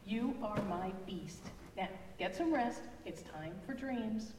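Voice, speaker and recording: A woman voicing a gentle, loving mother monster at bedtime, reading slowly and softly in an echoey church hall heard from a distance. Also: medium pitch, expressive, background noise. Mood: tender.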